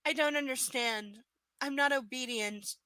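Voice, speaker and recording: A woman with a high, sharp voice reads a book aloud and keeps cutting in with scornful, swearing commentary. The sound is close and dry, with no room around her. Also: unhurried, smooth, no room sound. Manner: sarcastic, profane, exasperated asides. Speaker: live book reader. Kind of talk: live reading with ranting commentary.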